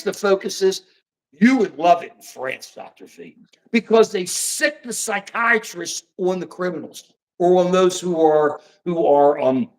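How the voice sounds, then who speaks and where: An older man hosting a livestream, ranting heatedly and animatedly about the news. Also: sits high. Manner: ranting, animated, mocking put-on voices. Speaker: show host. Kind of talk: heated political livestream chat.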